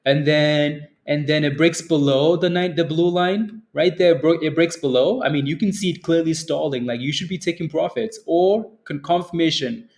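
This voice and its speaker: A man's voice: a little high, normal speed, few pauses, a little mellow. A man hosting a live stock trading stream in casual commentary, rambling, repeating words and tagging lines with "right?". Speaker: stock trading livestream host.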